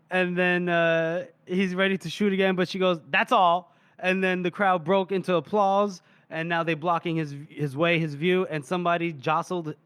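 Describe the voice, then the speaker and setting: A man co-hosting a casual book podcast, retelling scenes in an animated way with frequent laughter. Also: on the high side, clear, resonant tone. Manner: animated storytelling, laughing often. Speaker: podcast co-host. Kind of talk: casual book-discussion chat.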